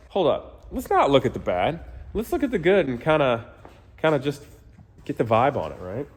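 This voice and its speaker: A man's voice: medium pitch, very animated, normal speed. A man hosting his own car channel, talking candidly and rambling to viewers while walking through his shop. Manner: candid, rambling, talks to viewers as "you guys". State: sick. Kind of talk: casual vlog walkthrough.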